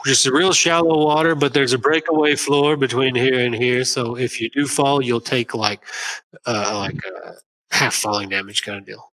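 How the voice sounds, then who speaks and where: Gravelly guy dm with a bright edge, talking thru the rules, lots of uhs. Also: medium pitch, fairly even intonation, normal speed. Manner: explains rules with fillers, hums to himself. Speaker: game master. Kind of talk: narrating a tabletop game.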